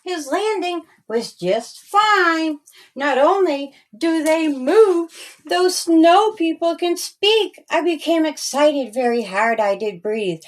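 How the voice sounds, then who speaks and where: A woman reads her own rhyming children's story aloud, lingering on each line in a sing-song storytelling rhythm. Her voice sits high and her pace is slow and careful. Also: animated. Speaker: storyteller and author.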